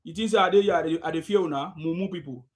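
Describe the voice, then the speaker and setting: A Nigerian man runs a live call-in show with a high voice. He shouts insults at callers and laughs at them mockingly. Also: fast. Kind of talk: combative live call-in chat.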